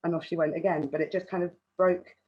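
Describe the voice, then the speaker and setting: Husky-voiced woman telling a festival story. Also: on the low side, quick pace, muffled recording. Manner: frequent ums, relaxed storytelling. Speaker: festival welfare worker. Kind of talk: storytelling at a panel talk.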